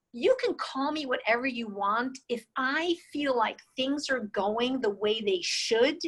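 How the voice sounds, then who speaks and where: A woman's voice: high voice, a bit bright, breathy edge, poor audio. A woman in her sixties, a guest in an interview, who tells her stories with energy and acts out the dialogue she quotes. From New York State. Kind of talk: casual storytelling interview.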